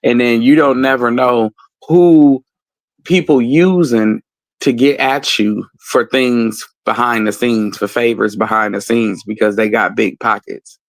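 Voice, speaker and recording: Man, gravelly voice, rambling casual chat, dry. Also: mid-range voice, steady tone, unhurried, no echo. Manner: laid-back, rambling.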